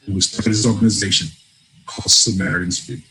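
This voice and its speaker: A man from Africa, a guest on an interview, telling a personal story in a lively way, acting out voices and laughing often. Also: deep voice, quick pace, poor audio. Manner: animated storyteller, laughs often, acts out dialogue. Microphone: remote call.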